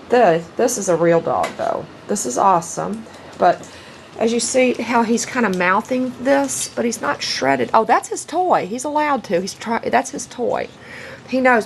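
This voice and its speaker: A woman's voice: fairly low pitch, creaky. A middle-aged woman and dog breeder filming a casual home video in her bedroom. She rambles fondly and coos baby talk at her puppies. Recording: noisy home video audio.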